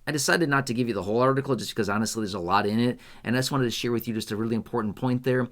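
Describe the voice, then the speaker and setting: Male finance commentator, casual to camera, animated and conversational, mid pitch. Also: racing. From United States. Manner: animated, conversational, asks rhetorical questions.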